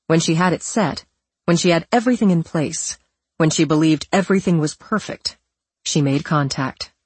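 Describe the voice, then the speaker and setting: A woman with a low, husky voice reads scripted audiobook narration in a measured, expressive way. The recording is dry.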